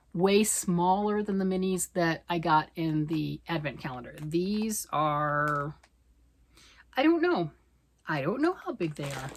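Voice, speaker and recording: A middle-aged woman chatting fast and excitedly about knitting, rambling off on tangents. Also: on the low side. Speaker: knitting vlogger. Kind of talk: casual chat.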